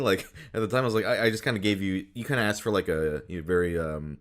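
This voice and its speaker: Podcast host, male, very low voice, relaxed rambling chat. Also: fast talker, few pauses. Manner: relaxed, rambling, laughs often. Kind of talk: casual interview chat.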